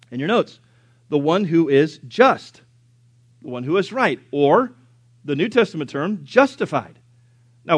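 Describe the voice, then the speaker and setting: A man preaching a sermon, emphatic and questioning his listeners, rising loud and dropping to a hush. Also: sits high, no room sound. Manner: emphatic, questions the congregation, swings from loud to hushed.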